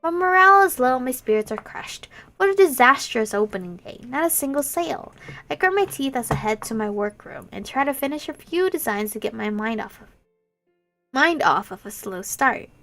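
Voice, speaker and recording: Young woman let's-play host, high animated voice, reads a visual novel and reacts with giggles. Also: moderate pace. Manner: expressive, giggly, reacts aloud.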